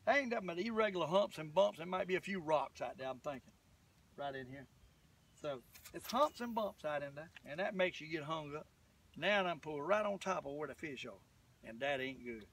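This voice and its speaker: An older Southern US man with a high voice talks in a folksy, rambling way to his viewers while fishing from a boat. He sits a little away from the mic, and faint outdoor ambience hangs behind him. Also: animated, normal speed, fairly bright tone, recorded from a distance, a little hiss or hum. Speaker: fishing vlogger. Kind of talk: casual fishing vlog talk.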